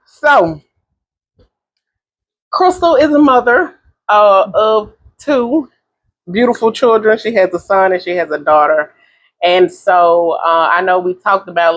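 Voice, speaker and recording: A woman's voice: mid-range voice, takes it slowly, long pauses. A woman hosting a podcast, in a chatty, encouraging way, with many fillers. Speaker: podcast host. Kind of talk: casual chat.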